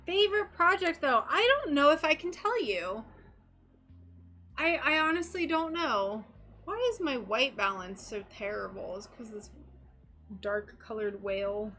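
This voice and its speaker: A woman's voice: high voice, expressive, measured pace, pushed and bright. A woman chatting casually and giggling as she works on stained glass during a live stream, reading out messages from her viewers. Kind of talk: casual live-stream chat while crafting.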